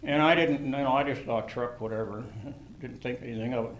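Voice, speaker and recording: An older man telling a personal anecdote in an animated way, laughing and shouting at the exciting moments. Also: medium pitch, quick pace, slight background noise. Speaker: storyteller.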